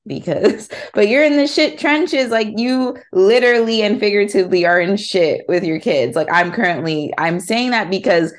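A woman in her thirties hosting a podcast, talking loosely, restarting her questions and laughing as she goes. Her voice sits at an ordinary middle pitch. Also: animated, moderate pace, few pauses. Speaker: podcast host. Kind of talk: casual podcast conversation.

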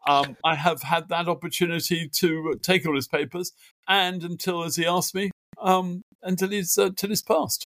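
In a high voice at a moderate pace, with no room sound, a middle-aged biographer shares stories as a remote interview guest from his home office desk. His telling is lively and conversational, heavy on fillers and acted-out quotations.

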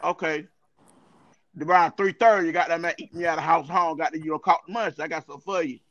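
A man hosting a casual podcast, telling animated, profane stories full of repeats. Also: fairly high pitch, quick pace, no echo. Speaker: podcast host. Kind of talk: casual storytelling chat. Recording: dull lo-fi sound.

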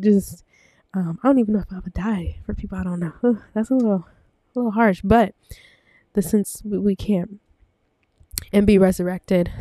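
Woman, casual Bible teaching, gravelly, dry close sound, rambling, slightly breathless. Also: on the low side, dark tone, no echo. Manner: rambling, many fillers and self-corrections. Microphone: desk microphone.

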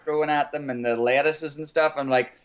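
An Irish singer calls in over the phone as a guest, his voice fairly high and his pace fairly quick. He chats casually in interview style, relaxed, laughing often and using lots of fillers.

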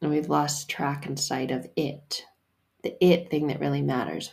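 A woman's voice: low voice, fairly even intonation, measured pace, vocal fry, a little mellow. A woman hosting a solo faith podcast, talking in a casual, emphatic and playful way with the odd curse word. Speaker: podcast host and faith coach.

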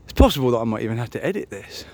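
A man's voice: medium pitch, big pitch swings, racing, creaky, darkish tone. A man musing aloud on a solo podcast, meandering and self-mocking, with many ums and restarts. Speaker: podcast host. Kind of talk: rambling solo podcast chat.

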